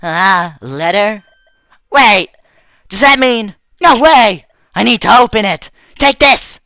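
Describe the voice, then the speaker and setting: A man's voice: sits high, lively intonation, slow, vocal fry, bright, forceful tone, no room sound, clean studio sound, pitched above the performer's own voice, exaggerated voice. A man voicing a childish, cocky girl robot waitress who squeals and stammers, dubbing a game. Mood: excited. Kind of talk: let's play voice dubbing. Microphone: close desktop mic.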